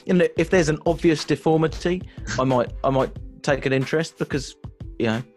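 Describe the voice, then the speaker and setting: A man's voice: fairly high pitch, fairly quick, darkish tone, faint music behind. An English man, a stand-up comedian, telling rambling self-deprecating stories with lots of swearing. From England. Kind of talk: casual comedic chat.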